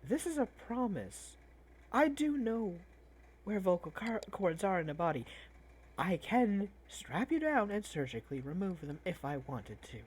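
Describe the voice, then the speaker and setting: Woman voicing a cold, clipped masked doctor with a lively pitch, tabletop game. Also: unhurried, husky. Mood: threatening. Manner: dry, clipped threats. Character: stern masked female doctor, cold and threatening.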